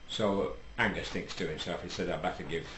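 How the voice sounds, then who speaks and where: Rambling deep-voiced British comic storyteller. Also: male voice, a little fast, fairly bright tone. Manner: rambling, many ums and restarts. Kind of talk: stand-up joke telling. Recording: echoey room, faint noise.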